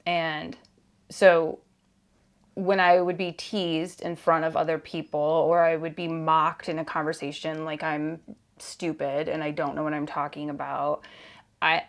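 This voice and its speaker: Woman podcast host, earnest and candid, somewhat low pitch, conversational with restarts. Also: flat delivery, unhurried. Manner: grows emphatic and exasperated in places. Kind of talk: personal podcast talk.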